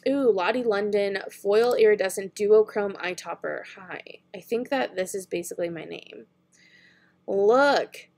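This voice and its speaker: A young woman vlogger talks her way through an online makeup browse, chatty and giggly, musing out loud. Her mid-height voice carries a lot of gravelly vocal fry. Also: mid-range voice, normal speed, few pauses. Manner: chatty, giggly, thinking aloud. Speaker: beauty vlogger. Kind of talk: casual online shopping chat.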